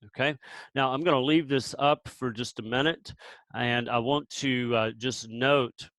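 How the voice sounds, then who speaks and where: A man with a mid-pitched voice teaches Biblical Hebrew letters, patient and relaxed. He slows down to repeat sounds for his learners and often restarts his sentences. The recording is close and dry, with no room sound. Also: dry recording, low-quality recording. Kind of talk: explaining with pauses and restarts.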